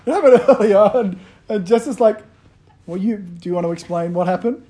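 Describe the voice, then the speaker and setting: A pastor giving a sermon in a relaxed, humorous storytelling way, often joking with the congregation. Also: male voice, high voice, a little fast.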